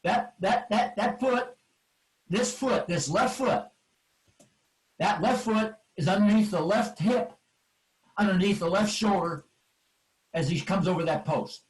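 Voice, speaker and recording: A man's voice: sits high, a little slow, pauses often, far from the mic, poor audio. An older man coaching football linemen in a clinic, driving points home with emphatic, repeated cue words. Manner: emphatic, repetitive cueing phrases. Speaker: football offensive line coach. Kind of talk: coaching clinic presentation over drill video.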